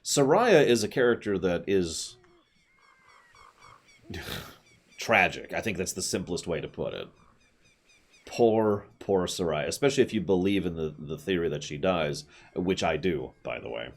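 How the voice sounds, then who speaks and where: A man's voice: low voice, expressive, unhurried. A man giving casual, chatty commentary while streaming a video game, with opinionated asides.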